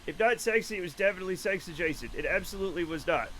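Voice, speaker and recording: A man's voice: high voice, very fast, fairly bright tone, a little hiss or hum, low-quality recording. A man in his late forties chatting casually on a live stream, rambling, profane and self-mocking. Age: late 40s.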